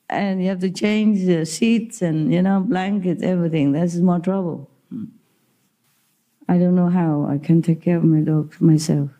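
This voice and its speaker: A woman's voice: on the low side, dark tone. A woman spiritual teacher giving an informal talk to disciples, telling stories in simple non-native English and laughing often.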